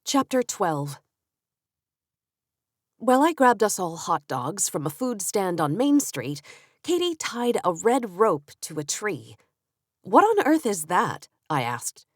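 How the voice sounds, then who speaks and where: A woman's voice: mid-range voice, big pitch swings, slow pace, no echo, studio quality. A woman narrating a lighthearted first-person mystery audiobook in a wry, understated way.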